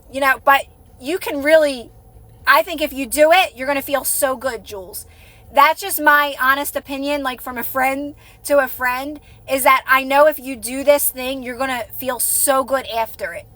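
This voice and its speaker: A woman's voice: high voice, a bit bright. A woman hosting a live stream, chatting casually and encouragingly with her viewers, rambling and restarting her sentences.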